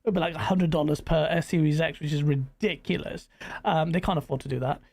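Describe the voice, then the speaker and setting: A man's voice: on the high side, steady tone, a little fast, darkish tone. A man hosting a casual gaming chat, rambling with many fillers and restarts. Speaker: podcast host.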